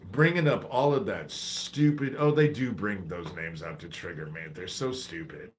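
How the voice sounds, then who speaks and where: Low-voiced man ranting with a cold. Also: normal speed, slight background noise. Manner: profane, exasperated, preachy. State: has a head cold. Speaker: livestream host. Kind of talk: ranting livestream monologue.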